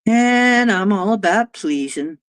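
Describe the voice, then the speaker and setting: A woman's voice: medium pitch, expressive, takes it slowly, dry recording. A woman hosting a livestream, chatting casually and rambling, now and then cooing at her cat. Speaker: livestream host.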